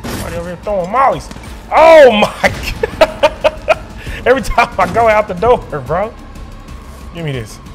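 Excitable man narrating his gameplay. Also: high-pitched, unhurried, pauses often, soft background music. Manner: animated, talks to himself and the game, slangy. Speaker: gaming streamer.

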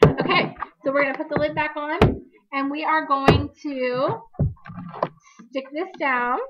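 A woman's voice: sits high, fairly even intonation, a little slow, dull audio, over loud music. A woman hosting a live crafting demonstration, chatty and upbeat, correcting herself as she goes, her voice a little worn. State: slightly losing her voice. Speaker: crafting demo host.

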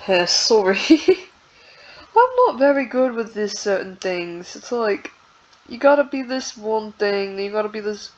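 A woman's voice: mid-range voice, lively intonation, unhurried, lo-fi sound. A woman talking casually into her laptop at home, rambling and hesitant and running herself down. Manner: rambling, hesitant, self-deprecating. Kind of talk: casual vlog talk.

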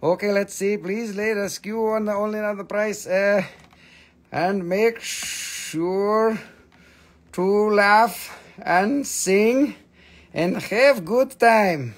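A man with a slightly high voice hosts a live-stream crystal sale. He jokes and gets excited as he shows each piece. His English carries non-native phrasing throughout. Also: takes it slowly. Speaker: host of a live mineral sale. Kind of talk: live-stream sales pitch.

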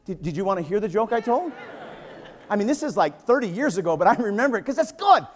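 A man in his fifties, a pastor preaching a sermon in a church, telling jokes and stories with lively, animated energy. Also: sits high, quick pace, some chatter behind, slight background noise. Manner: energetic, joking, animated storytelling. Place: church sanctuary.

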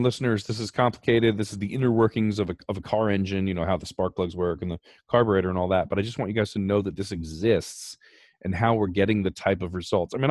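A man's voice: fairly low pitch, no echo, clean studio sound. A man hosting a podcast, explaining finance numbers in a casual, emphatic way. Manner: animated, emphatic, talks through numbers. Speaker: podcast host.

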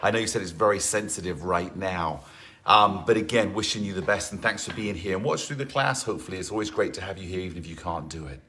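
A male fitness instructor talks through a live online class in a chatty, encouraging way. He has a fairly low voice with a bright, forceful edge. He drifts into asides and greets viewers one by one. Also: fast, a little hiss or hum.

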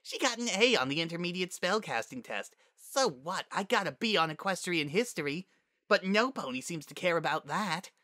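Brief: man playing a bitter young filly, pitched up high, sarcastic and sulky, dry close storybook read. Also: animated, normal speed, sharp tone, no room sound. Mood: sarcastic, resentful. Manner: bitter, grumbling through clenched teeth. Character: sulky young filly pony, jealous of her sister.

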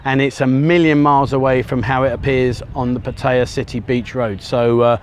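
A travel vlogger strolls a sunny beach, talking into a handheld camera he turns around, his mid-range voice steady and moderately paced under a little hiss or hum. He rambles casually, full of ums and uhs, and is a bit out of breath from walking on sand.

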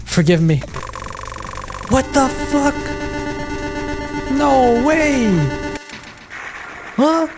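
Gaming youtuber, let's play commentary, excitable, swearing, slow drawl, faint music behind. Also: high-pitched. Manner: excitable, swears, stammers in reactions.

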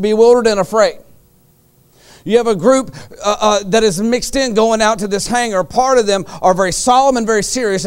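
A pastor, preaching in a church and telling a dream as a story, switching between loud acted-out lines and a low, quiet voice for serious points. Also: clear, resonant tone. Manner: storytelling, acts out quoted lines with sudden loud jumps. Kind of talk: sermon. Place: church sanctuary.

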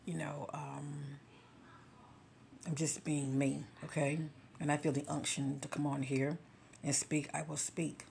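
A woman's voice: sits low, level tone, a little slow, gravelly, long pauses, darkish tone, a little hiss or hum. A woman giving a casual spiritual encouragement talk to her followers, speaking directly and conversationally like a preacher, often checking in with "okay?" and "you know.". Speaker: spiritual vlogger.

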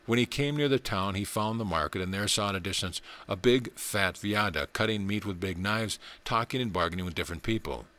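A man with a low voice reads a spiritual text and its parable aloud. His narration is measured and earnest, steady from line to line. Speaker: audiobook reader. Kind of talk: scripted narration.

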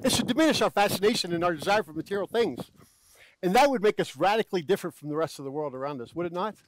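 A man's voice: sits high, expressive, very fast, slight background noise. A male pastor preaching a sermon in an earnest way, often repeating words as he goes.

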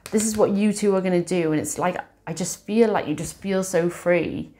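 Emotional woman reading affirmations, low voice. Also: moderate pace, mellow, slight background noise. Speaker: tarot reader. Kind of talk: tarot reading monologue.

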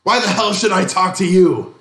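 A pastor voicing a big drunk laborer who bellows and snarls belligerently. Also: male voice, mid-range voice, big pitch swings, moderate pace, roomy sound, lightly acted. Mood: roaring. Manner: bellowing, hostile.

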